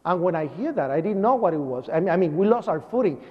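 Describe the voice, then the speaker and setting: Speaking fast in a high, animated voice, a man vividly relives a traumatic eyewitness account for a lecture audience, imitating sounds and cries as he narrates in the first person. The hall recording is dull and lo-fi, with a long reverb tail.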